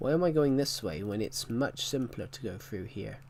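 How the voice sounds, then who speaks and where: A man's voice: medium pitch, expressive, moderate pace, vocal fry, a little mellow, slight background noise. A man giving casual gameplay commentary as a channel host, rambling and often repeating and correcting himself as he talks.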